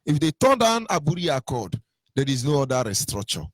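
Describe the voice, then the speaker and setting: Nigerian guy ranting about politics, highish voice, dry close sound, mocks ppl in a singsong then drops low. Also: big pitch swings, fairly quick, no room sound. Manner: swings from shouted mockery to low muttering, mimics opponents in sing-song. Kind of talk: impassioned political monologue.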